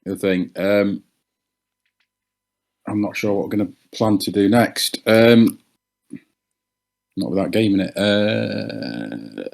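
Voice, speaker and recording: A man's voice: lowish voice, gravelly, a little mellow. A man playing a tabletop game who talks hesitantly, stopping and restarting his sentences. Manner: hesitant, lots of ums and restarts. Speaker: player. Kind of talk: casual tabletop play.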